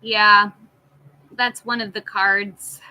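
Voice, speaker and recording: A woman hosting a live tarot reading, listing card meanings in an unhurried way and greeting viewers in the chat. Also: mid-range voice, level tone, dull audio.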